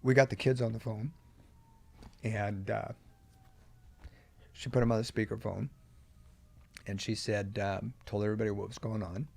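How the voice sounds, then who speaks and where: Gravelly older man telling his story. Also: fairly low pitch, flat delivery, normal speed, pauses often, a little mellow. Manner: earnest, emphatic at key moments. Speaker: podcast guest. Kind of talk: personal storytelling in an interview.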